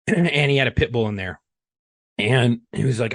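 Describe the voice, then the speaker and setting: A former police chief tells a rambling, profane story packed with fillers on a podcast. His medium-pitched voice runs a little fast, captured cleanly on a studio podcast mic with no room sound.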